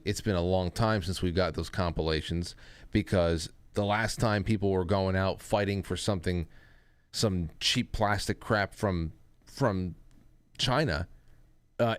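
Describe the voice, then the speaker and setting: A man hosts a casual talk show, wandering through his points with restarts and asides. His voice is low and clear. The sound is dry and close. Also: unhurried, no echo. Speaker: host.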